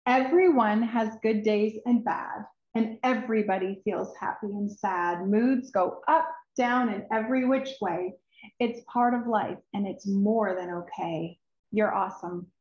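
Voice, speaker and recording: A woman reading her own children's book aloud, expressive and emotional, with sighs and drawn-out words. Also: medium pitch. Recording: roomy, dull recording.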